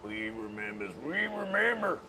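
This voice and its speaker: A man's voice: on the high side, very animated, moderate pace. A man doing a taunting third-person villain. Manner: taunting, third-person swagger, wild swings loud and soft. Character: menacing male trickster calling himself Bird versus Bear. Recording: noisy background.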